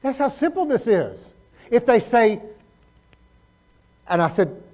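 A male pastor preaching a sermon, swinging between loud exhortation and low, conversational storytelling. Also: big pitch swings, a little slow, long pauses.

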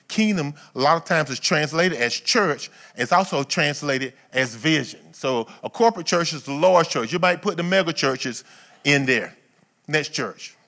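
A man preaching a sermon in a conversational, folksy way, asking the congregation rhetorical questions and swinging between quiet asides and emphatic bursts. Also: high voice. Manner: folksy, colloquial phrasing. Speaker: pastor.

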